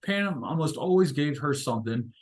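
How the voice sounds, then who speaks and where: A man on the high side, animated and moderately paced, heads an inspirational discussion built around storytelling. He reflects as he goes, hesitating often and filling gaps with fillers.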